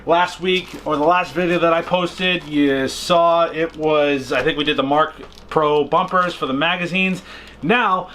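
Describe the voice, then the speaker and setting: A young man with a Boston accent runs a gun channel, and his voice sits high with a fairly bright tone. He hosts a laid-back how-to on gun maintenance, chatting and joking while calling his viewers "guys" and "bro."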